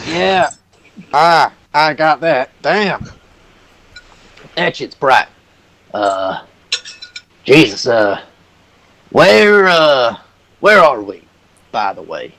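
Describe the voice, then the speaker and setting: A man voicing Hercule, an excitable, crude creature from underground who stammers and swears. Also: drawn-out words, vocal fry, long pauses, full character voice. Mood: dazed. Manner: stammering, swearing, high-strung.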